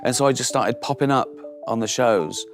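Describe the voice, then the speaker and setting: A middle-aged man tells a long, rambling anecdote in a podcast chat. His pitch sits mid-range, and he slips into quick impressions of the people he quotes. Faint music plays underneath. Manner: anecdotal, mimics others in quoted voices, laughs often. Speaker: comedian guest. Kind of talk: casual storytelling chat.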